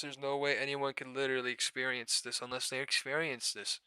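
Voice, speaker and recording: A young man hosting a live trading stream, ranting in a profane, exasperated way with sudden bursts of loudness. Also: mid-range voice, level tone, a little fast, few pauses, clean tone, no room sound. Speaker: stock trading livestream host.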